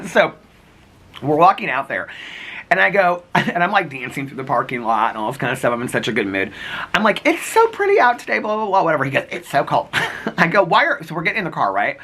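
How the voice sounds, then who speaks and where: Giggly chatty man, husky lively voice. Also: brisk. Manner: chatty and giggly, acts out quoted lines in a higher voice. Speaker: vlogger. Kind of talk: casual storytelling vlog.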